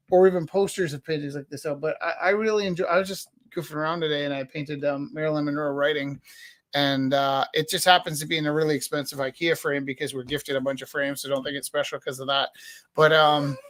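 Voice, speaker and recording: Rambling jokey man in his fifties. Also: a little high. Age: 50s. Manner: rambling, self-deprecating, jokey. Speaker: artist auctioning his paintings. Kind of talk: casual live-stream chat. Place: art studio, indoors.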